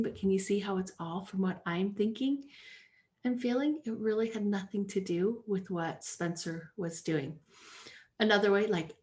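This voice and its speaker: A woman hosting her own podcast, talking casually and giving advice. She is chatty and animated and acts out bits of quoted dialogue. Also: medium pitch. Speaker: podcast host and life coach.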